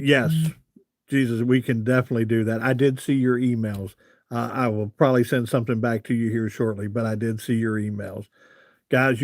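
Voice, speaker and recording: A man's voice: medium pitch, a little mellow, no room sound. A man hosting a casual live stream, reading viewer comments aloud in a folksy way and laughing often.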